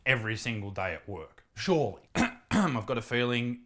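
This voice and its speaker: A man's voice: medium pitch, animated, moderate pace, fairly bright tone. An Australian man hosting a comedic reaction video, mocking the clips he plays with profane, theatrical insults. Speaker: comedian and host.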